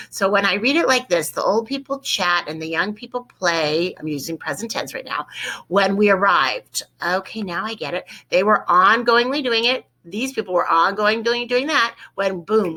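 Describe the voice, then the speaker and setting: Woman, Spanish teacher, recorded lesson, bright tone, step-by-step explaining, spells out words. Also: medium pitch, rough recording. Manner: explains step by step, repeats key points.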